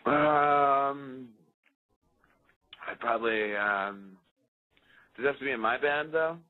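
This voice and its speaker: A man's voice: medium pitch, takes it slowly. A man guest joking and rambling in a casual phone interview. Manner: joking, rambling, laid-back. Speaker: musician guest. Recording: tinny phone line.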